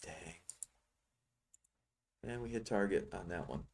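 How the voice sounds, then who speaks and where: A man's voice: low voice, slow, a little hiss or hum. A middle-aged man giving rambling, teasing live commentary on his trading screen, thinking aloud as he goes. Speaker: futures trading software seller.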